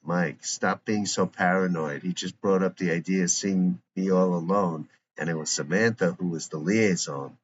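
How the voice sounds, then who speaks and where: A man reading a calm, polite gentleman. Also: low voice, normal speed, close to an everyday voice. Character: easygoing, polite adult man. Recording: dull lo-fi recording with faint hiss.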